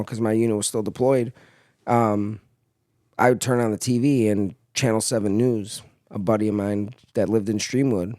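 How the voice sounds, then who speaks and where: A young man, a former Marine, casually telling profane stories on a podcast in an animated way. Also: fairly low pitch, no room sound, clean studio sound. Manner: profane storytelling, animated in anecdotes. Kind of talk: casual chat.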